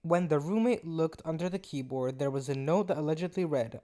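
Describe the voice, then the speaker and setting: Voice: mid-range voice, fairly quick, hardly any pauses, dark tone. Sarcastic, cussing young podcaster. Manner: sarcastic, profane and incredulous. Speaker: podcast host. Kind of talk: casual commentary reading out messages.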